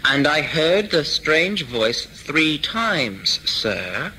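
A man's voice: on the high side, sing-song, extremely slow, bright, forceful tone, a little hiss or hum, exaggerated voice, poor audio. Man reading as a stubborn ship captain. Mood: insistent.

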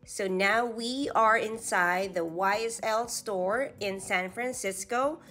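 Woman host, casual shop-along vlog, slow and chatty, mid-pitched, recorded inside a store. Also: pushed and bright, faint music behind. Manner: chatty, describing items as she browses. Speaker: vlogger host. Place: indoor retail store.

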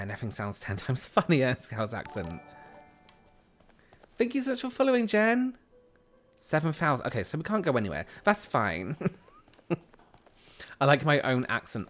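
Here a UK streamer talks through his gameplay in a relaxed way, answering comments from viewers as they come in. His voice is medium-pitched with a slightly bright quality.

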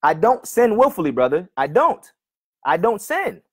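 A male preacher arguing with a commenter online, often calling him brother and reading scripture slowly and repeatedly. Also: high voice, very animated, breathy edge. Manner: argumentative, keeps addressing "brother", reads verses slowly and repeats them.

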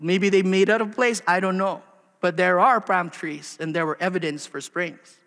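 A man preaching a sermon as pastor, animated, full of rhetorical questions and acted-out quotes, in a church. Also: high voice, moderate pace. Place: church sanctuary. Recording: long hall reverb.

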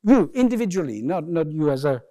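Male keynote speaker, fairly high voice, jokey and conversational, on stage. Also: sing-song, fairly quick, mellow. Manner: jokey, conversational, playful asides. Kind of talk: humorous keynote talk. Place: conference stage.

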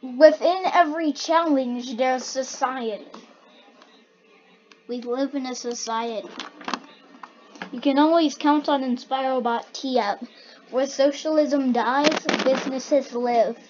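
High-pitched, slow-talking young kid. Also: darkish tone. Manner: bemused, giggly, reads quotes aloud then questions them. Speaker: video maker reacting to generated quotes. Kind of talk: casual reaction commentary. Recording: dull lo-fi home recording with faint hiss.

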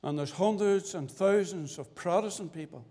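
A man from Northern Ireland giving his testimony as a sermon, with fervent preaching that swings sharply between loud and hushed. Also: high voice, moderate pace. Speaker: testimony speaker at a church. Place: church hall. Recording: church recording with long reverb.

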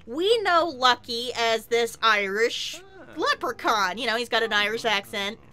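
A woman chatting casually while playing a video game, excitable and quick to swear and laugh. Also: on the high side. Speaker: game streamer. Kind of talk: casual gameplay commentary.

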